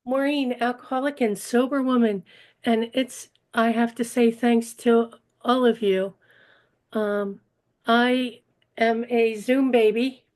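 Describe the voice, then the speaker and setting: A woman's voice: on the high side, steady tone, slow pace, darkish tone. A woman in her sixties giving a personal recovery share, hesitant and emotional with frequent fillers. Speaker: meeting attendee sharing.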